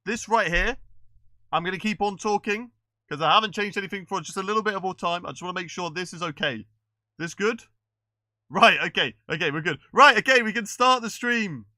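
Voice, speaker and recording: Male streamer, bright edge, dry close mic, casual live-stream chatter. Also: high voice, brisk, no room sound. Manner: chatty, fiddling with settings, checking with chat. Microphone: desk microphone.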